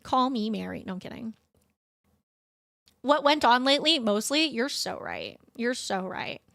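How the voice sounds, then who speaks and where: Bright-voiced ranting young woman streamer. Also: a little high, measured pace, creaky, dry recording, clean studio sound. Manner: profane, ranting, animated storytelling. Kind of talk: casual chat stream. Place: home streaming setup.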